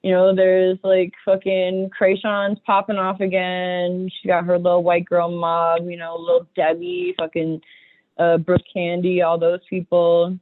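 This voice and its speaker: A young woman rapper chatting casually as a podcast guest, excitable and profane, laughing often. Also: lowish voice, a little slow, dry recording. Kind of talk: casual chat. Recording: dry tinny phone-like audio.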